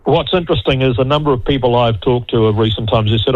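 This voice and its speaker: Man, older, blunt, emphatic, low voice, dry muffled radio sound. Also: quick pace, hardly any pauses, no echo. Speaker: radio panelist. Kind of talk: political radio discussion.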